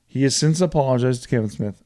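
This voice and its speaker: A man telling movie stories in a casual podcast chat, profane and animated as he recaps plots. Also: mid-range voice, fast, no echo, studio quality. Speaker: podcast co-host.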